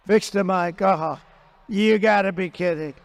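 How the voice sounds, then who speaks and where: A man's voice: high-pitched, moderate pace, creaky. A man giving a rambling, combative rally speech into a stage microphone at a large venue. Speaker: political rally speaker. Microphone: handheld stage microphone. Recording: long reverb of a large hall.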